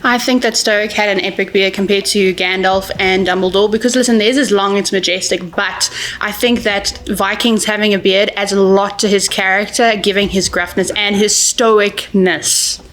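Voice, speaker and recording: A woman's voice: mid-range voice, fairly even intonation, moderate pace, a bit bright. A woman from South Africa making confident, playful arguments in a casual movie debate.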